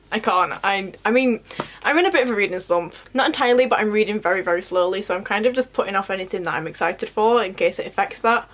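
A chatty woman talks through her new books with easy enthusiasm. She rambles into little asides as she goes, with a voice at an ordinary middle pitch. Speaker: book vlogger. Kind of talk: casual chat.

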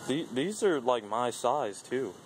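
A man's voice: mid-range voice, expressive, unhurried. A man vlogging with playful, joking commentary while walking through a big retail store. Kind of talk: goofy vlog banter. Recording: noisy store ambience.

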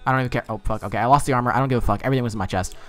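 A man's voice: medium pitch, rapid-fire, a bit bright. A man giving casual gameplay commentary, rambling and swearing freely as he gets flustered.

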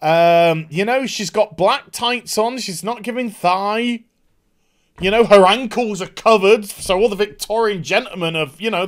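A man giving a casual, animated and profane TV episode review. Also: high-pitched. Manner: animated, profane, quick impressions. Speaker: TV show reviewer.

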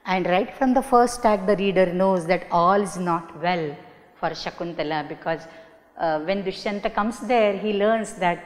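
A woman's voice: lowish voice, normal speed. A middle-aged woman with an Indian English accent lectures as a professor in a webinar, explaining patiently and asking rhetorical questions. Her speech is full of "you know" and "uh" as she works through each point. The recording carries a long reverb tail. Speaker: Sanskrit professor giving a talk.

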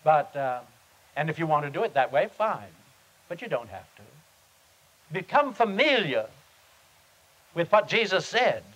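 A man, a pastor, teaching on prayer at a seminar and telling a story in an earnest, halting, unhurried way. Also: fairly high pitch, big pitch swings, fairly bright tone, rough recording. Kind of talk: sermon-style teaching with storytelling. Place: seminar meeting.

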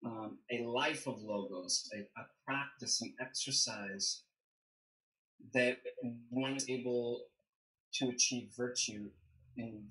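Male theologian guest, bright tone, measured and explanatory, echoey room. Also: mid-range voice. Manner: measured, explanatory, thinking aloud. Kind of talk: livestream theology discussion.

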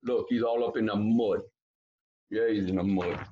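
A man's voice: on the low side, normal speed, dull audio, a little hiss or hum. Man reading a storybook aloud to kids. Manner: lively, chatty asides. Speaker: teacher reading a story to children.

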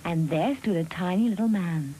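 A woman narrating a fairy tale in a measured, expressive storybook style. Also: fairly low pitch, a little hiss or hum, low-quality recording.

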